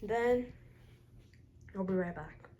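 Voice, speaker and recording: A woman's voice: mid-range voice, slow pace, warm tone, a little hiss or hum, low-quality recording. A woman in a casual show-and-tell vlog, chatting as she lists her figures one by one with short comments. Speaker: toy collector showing her figures.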